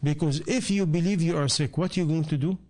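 A man preaching a sermon, his voice sitting notably high for a man. He speaks English with broken, non-native grammar. He keeps pressing his listeners with rhetorical questions and demands for answers. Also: quick pace, a little mellow. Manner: rhetorical questions put to the audience.

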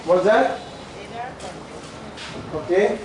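Male teacher, high pitch, repeats questions in broken English, voice going; distant mic in a noisy, echoing room. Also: extremely slow. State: losing his voice. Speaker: religious teacher. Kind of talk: question-and-answer class talk. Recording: very echoey room, far from the mic, ambient noise.

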